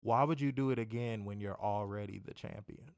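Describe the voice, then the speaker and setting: A man's voice: on the low side, brisk, gravelly, darkish tone, clear, resonant tone, dry recording, studio quality. A man co-hosting a wrestling review in casual chat, sarcastic and exasperated, often restarting his sentences. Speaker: wrestling show co-host.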